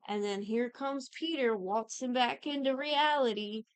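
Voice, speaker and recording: With a fairly high, clean voice and no echo, a young woman co-hosting a podcast chats casually about a TV series. Her recap rambles and is full of profanity, and she often acts out characters' lines in quick asides.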